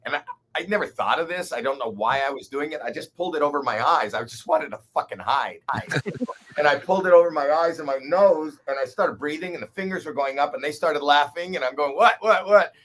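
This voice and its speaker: A man in his sixties, a guest comedian telling a story in casual chat, animated, swearing and poking fun at himself. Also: on the high side, fairly quick. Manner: animated, profane, self-deprecating.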